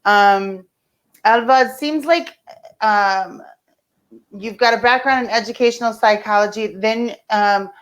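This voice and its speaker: A woman's voice: fairly high pitch, unhurried, a bit bright. A woman moderating a town hall panel over a video call, talking conversationally with frequent fillers.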